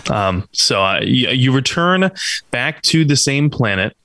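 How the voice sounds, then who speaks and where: A man's voice: mid-range voice, sing-song, unhurried, pushed and bright, dry recording. Easygoing male host, dry close sound. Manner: easygoing, joking, reads off news items. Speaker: podcast host. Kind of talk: casual chat.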